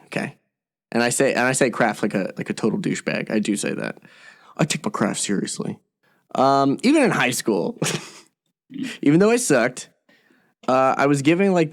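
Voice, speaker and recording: Young man, actor, podcast co-host, mid-range voice, animated storytelling, swears a lot. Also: medium pitch. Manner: animated, profane, acts out quotes. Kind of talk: casual comedy chat, storytelling.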